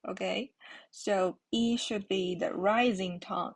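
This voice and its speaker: A woman's voice: medium pitch, steady tone, takes it slowly. A woman giving a patient Mandarin lesson, repeating each word twice as she explains the tones. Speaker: Mandarin teacher. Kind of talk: slow explanatory language lesson.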